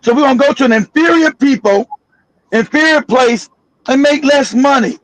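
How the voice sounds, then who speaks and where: High-voiced blunt man on a livestream. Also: moderate pace, a bit bright, no echo, rough recording. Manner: blunt, emphatic, repeats himself. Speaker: livestream host. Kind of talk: casual livestream chat.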